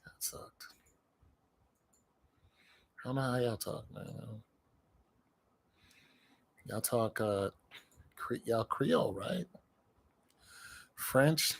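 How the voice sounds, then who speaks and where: A man's voice: mid-range voice, lively intonation, drawn-out words, vocal fry, long pauses. An American man hosting a casual chat, joking and rambling, laughing often. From United States.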